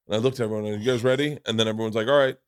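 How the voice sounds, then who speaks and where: A young adult comedian telling a story in casual podcast chat, jumping into high voices to act out the people he quotes. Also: rapid-fire, clear, resonant tone, no echo, studio quality. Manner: animated, jumps to high pitch acting out quoted people. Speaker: comedian guest.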